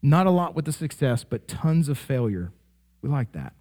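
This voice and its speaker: A man preaching a sermon as pastor, conversational and animated, with frequent "right?" asides that check in with the congregation. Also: medium pitch, moderate pace. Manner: animated, rising sharply in playful examples.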